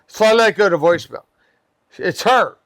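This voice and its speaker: A man's voice: sits high, lively intonation, a little fast, fairly bright tone, no echo. A man telling a funny customer story in a casual podcast chat, acting out the quoted voices and laughing often. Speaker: guest, pest control worker.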